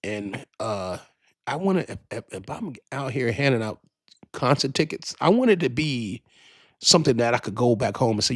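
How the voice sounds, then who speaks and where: A man's voice: mid-range voice, expressive, moderate pace, no echo. A man hosting a podcast, ranting casually in a profane, rambling way, often restarting his sentences, into a studio microphone. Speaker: podcast host. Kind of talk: casual rant.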